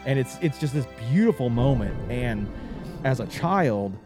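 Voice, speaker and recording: A man chatting casually with a co-host as he recaps a video game's story, his pitch jumping when he gets excited. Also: a little slow, music in the background. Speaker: podcast co-host.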